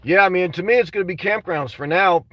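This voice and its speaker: A man's voice: high voice, quick pace, bright, forceful tone, no room sound, recorded from a distance. A man rambling in a casual livestream, reading out chat messages, frustrated and full of restarts and "man". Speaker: vlogger reading live chat.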